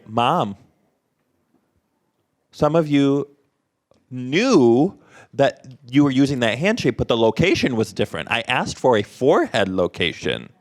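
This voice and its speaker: A man teaching a workshop in a slow, unhurried delivery. His pitch moves a lot and keeps the talk lively. He throws short questions and prompts out to the room. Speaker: sign language interpreter voicing a presenter.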